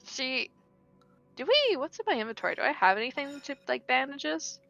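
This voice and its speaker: A woman's voice: sits high, sing-song, normal speed, creaky, a bit bright, dull audio, soft background music. A woman playing a tabletop game, thinking aloud, often giggling and swearing casually. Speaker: player. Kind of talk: casual tabletop game play over voice chat.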